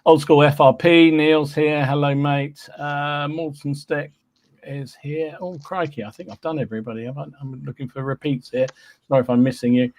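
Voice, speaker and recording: A man's voice: a little high, level tone, moderate pace, no echo. Chatty man hosting, dry sound. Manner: chatty and easygoing, with many fillers and humming. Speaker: podcast host. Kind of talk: casual live-stream chat, reading out viewer names.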